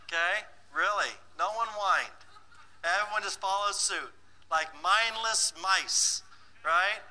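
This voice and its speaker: Running a live financial workshop, this man jokingly teases and orders his audience about, breaking into laughter often between remarks. His voice sits high and sounds bright and forceful, his pace is slow, and the recording is rough.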